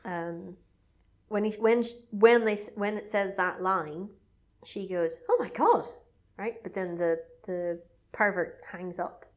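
A woman recapping a film in casual chat, animated, often acting out characters' lines in silly voices. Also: fairly low pitch, slow. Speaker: podcast co-host recapping a film.

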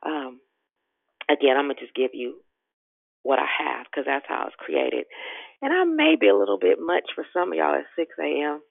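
A woman's voice: low voice, lively intonation, moderate pace, vocal fry, no room sound. A woman, hosting a devotional prayer call in an exuberant, folksy way and laughing often. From Richmond, Virginia. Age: 50s. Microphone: phone. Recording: tinny phone line, dry.

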